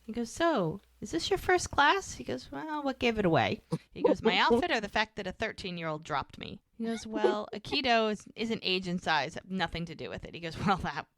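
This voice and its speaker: A woman's voice: mid-range voice, lively intonation, fairly quick, few pauses, dry recording, studio quality. A woman co-hosting a podcast, casually retelling TV scenes and lightly acting out the characters' lines. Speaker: podcast co-host. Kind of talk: casual recap of a TV episode.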